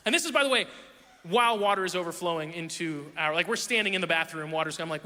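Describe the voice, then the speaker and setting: A young man preaching a sermon, telling a funny story about himself in an animated, self-deprecating way. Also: high-pitched, fast. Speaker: pastor. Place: church auditorium. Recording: long hall reverb.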